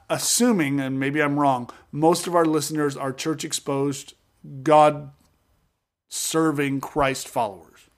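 A man co-hosting a podcast, talking through a Bible passage and acting out its characters with lively voices. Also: a little high. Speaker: podcast co-host. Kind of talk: Bible study podcast chat.

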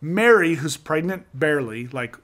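A man hosting a casual Bible discussion, telling the stories with animated enthusiasm and quick asides. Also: a little high. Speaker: podcast host.

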